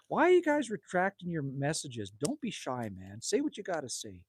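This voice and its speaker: This Canadian host in his fifties runs a casual livestream outdoors at his cabin by a campfire, reading viewer comments and bantering crudely with chat. The dry recording catches a slightly high, breathy voice with huge pitch swings at normal speed.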